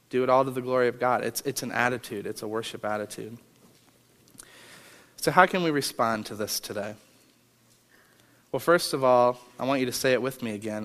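A man leading worship and preaching, earnest, repeating key phrases and dropping from loud to hushed. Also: medium pitch. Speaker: worship leader. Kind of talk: sermon. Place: large church sanctuary. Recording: long hall reverb, faint music.

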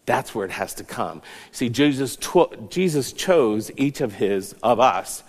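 A man's voice: medium pitch, lively intonation, measured pace, in a large hall. A man preaching a sermon as a pastor, earnest, rising and falling for emphasis.

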